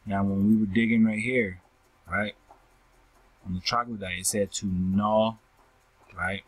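Poor audio with no room sound captures a man whose lowish voice is steady and breathy at the edges. Reading and explaining scripture, he speaks slowly and repeats himself, treats his listeners as family, and checks in with a "right?" after almost every phrase.

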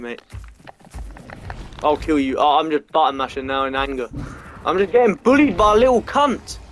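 A man giving let's-play game commentary, swearing a lot and swinging between frustration and excitement. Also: on the high side, normal speed, pauses often, a little hiss or hum. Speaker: gamer.

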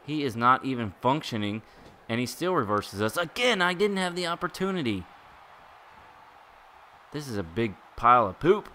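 Excitable man commentating gameplay. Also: mid-range voice, moderate pace, pauses often, a little hiss or hum. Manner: excitable, exclaiming and groaning at the game. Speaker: gaming YouTuber.

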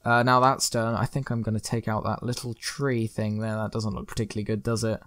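A man's voice: lowish voice, level tone, brisk, a bit bright, no echo. A young man chatting upbeat over his gameplay, now and then rambling a little. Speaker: gaming video host. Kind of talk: casual gameplay commentary.

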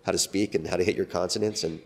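A man's voice: deep voice, fairly even intonation, quick pace, darkish tone. A middle-aged man, a guest actor, talking casually in an interview, rambling with many fillers and restarts.

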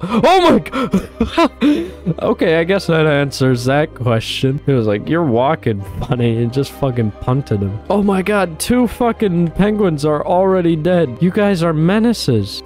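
A young man giving excitable, swearing commentary while playing a game and talking to his animals. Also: fairly high pitch, unhurried, few pauses, faint music behind. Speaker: gaming YouTuber. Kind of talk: casual gameplay commentary.

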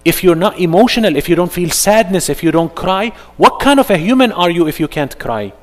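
Male religious teacher running a workshop, animated, throws rhetorical questions, slightly high voice, long hall echo. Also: brisk. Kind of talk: interactive religious workshop talk.

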